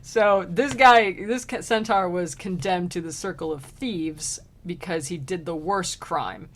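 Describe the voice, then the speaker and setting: A woman's voice: lowish voice, measured pace, slight background noise. A woman streamer reading an old poem aloud and retelling it in casual slang, laughing often.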